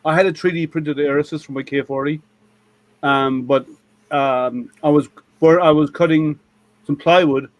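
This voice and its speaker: A man's voice: fairly high pitch, dry recording. A man hosting a casual online maker hangout, chatty and laughing often, trailing off with ums. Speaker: host of a maker hangout stream. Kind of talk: casual chat.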